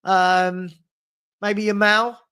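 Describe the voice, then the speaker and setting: A man with a high voice talks through a live match as its host. He calls the passes in casual play-by-play and breaks off to answer viewers' comments in a loose, friendly chat. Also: little pitch movement, very slow, pushed and bright, clean tone. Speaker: watchalong host.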